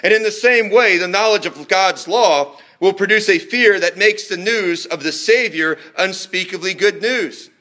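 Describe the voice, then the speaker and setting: A man preaching a sermon in an earnest, measured way, slowing down for emphatic phrases. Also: sits high, pushed and bright.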